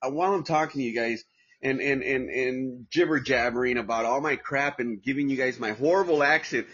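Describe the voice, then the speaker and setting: In dull-sounding audio, a Southern Californian man hosts a casual livestream podcast, profane and rambling with frequent restarts. His voice is mid-range and bright, with a forceful tone and a breathy edge.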